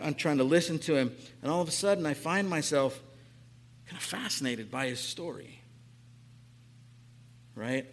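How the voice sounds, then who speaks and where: A pastor in his late forties delivers a conversational sermon, telling stories in a casual, chatty way and frequently tagging on "right?". His voice is fairly high, at a moderate pace with frequent pauses, recorded in an echoey hall with a little hiss or hum.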